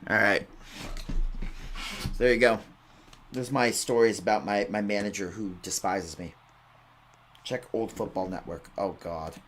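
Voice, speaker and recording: A man's voice: fairly low pitch, measured pace, long pauses, fairly bright tone, slight background noise. A young man telling rambling, casual stories at halftime of an online game broadcast, with bursts of exaggerated outrage.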